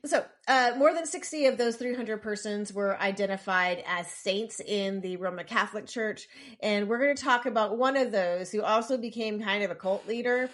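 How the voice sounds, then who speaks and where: A woman co-hosting a podcast in a casual, chatty way. She reads definitions and history from her notes, breaking off for small apologetic asides. Her pitch sits right in the middle. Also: normal speed, a bit bright. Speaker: podcast co-host. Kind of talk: casual chat, reading lore notes.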